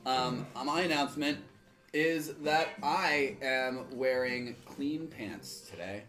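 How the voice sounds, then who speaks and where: A man introducing himself as a player on a live tabletop game stream, joking and quick to laugh. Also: medium pitch, a bit bright, faint music behind. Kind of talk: casual live-stream chat.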